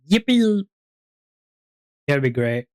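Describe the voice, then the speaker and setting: Wrapping up a casual live stream, a streamer with a mid-pitched voice rambles loosely and unscripted, full of fillers and frequent giggles.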